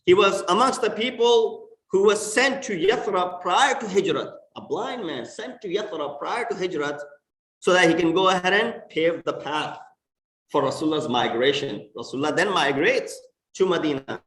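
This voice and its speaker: A man preaches in a fairly high voice, stressing his points with sharp rises and drops. He is heard from a distance in a roomy, echoing mosque hall. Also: expressive, moderate pace. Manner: emphatic, rising and falling for stress. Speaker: imam. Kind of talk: sermon. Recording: echoey mosque hall from far off.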